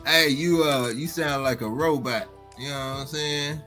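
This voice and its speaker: A man's voice: a little high, steady tone, a little slow, sharp tone, faint music behind. A man hosting a casual livestream chat, rambling with many restarts and filler phrases. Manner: rambling, many restarts and "you know what I'm saying". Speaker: livestream host.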